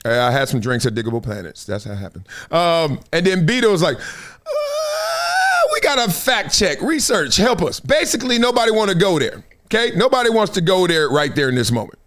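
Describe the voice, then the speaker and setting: A man's voice: fairly high pitch, fast, few pauses. A man hosting a live sports talk show, telling stories with lots of laughter and acting out the people he quotes. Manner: animated storytelling, acts out quoted voices; laughs often between remarks. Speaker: show host.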